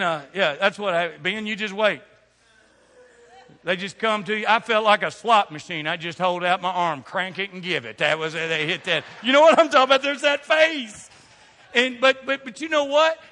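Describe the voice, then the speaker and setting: A middle-aged male pastor, preaching a sermon to a congregation with humorous stories and quick restarts. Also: sits high. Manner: animated storytelling with humor and rapid restarts. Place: church sanctuary before a congregation. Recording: long reverb of a large hall.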